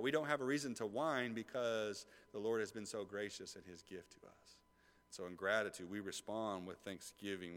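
Pastor, male, emphatic sermon delivery, bright crisp tone, reverberant sanctuary sound. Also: lowish voice. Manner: emphatic preaching, swings from soft asides to loud passages; asks the congregation quick rhetorical questions. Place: church sanctuary. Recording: reverberant church hall.

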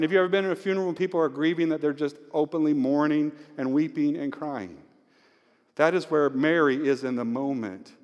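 A male pastor preaching an Easter sermon with scripture reading, emotional and swinging from hushed tones to near-shouting. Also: on the high side, fairly even intonation, fairly quick. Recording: long hall reverb.

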